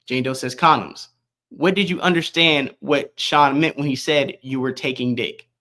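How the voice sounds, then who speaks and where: A man reading court transcript aloud as an online news commentator, halting and repeating words, with casual asides. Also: mid-range voice, fairly even intonation, bright, forceful tone. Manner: reads in a rushed, halting way, stumbling and repeating words.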